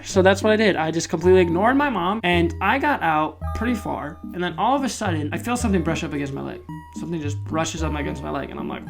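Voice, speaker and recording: A young man in his late teens telling goofy childhood stories in a casual podcast, chatty and animated, jumping his voice up to act out what people said, recorded on a phone. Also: on the high side, brisk, creaky. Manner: chatty, goofy, acts out quotes with big jumps in voice. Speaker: podcast host. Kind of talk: casual storytelling. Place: loud location. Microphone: phone microphone. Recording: guitar music playing behind.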